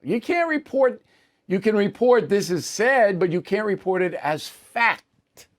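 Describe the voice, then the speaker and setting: A man's voice: high voice, lively intonation, unhurried. A man in his seventies with an American accent, hosting a news commentary show and answering viewer mail in a blunt, emphatic, dismissive way. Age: 70s.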